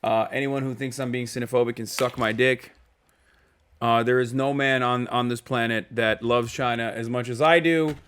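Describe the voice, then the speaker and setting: A man's voice: medium pitch, fairly even intonation, normal speed, a bit bright, clean tone. A man streaming live, reacting to news clips with emphatic, profane, rambling commentary full of fillers. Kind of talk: casual political commentary.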